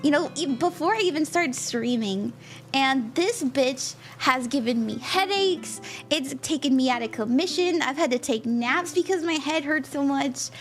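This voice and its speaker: Bubbly high-voiced young woman streamer. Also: animated, normal speed. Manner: bubbly and giggly, chatty with viewers. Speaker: tarot reader and spell-casting streamer. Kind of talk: casual live-stream chat. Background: faint background music.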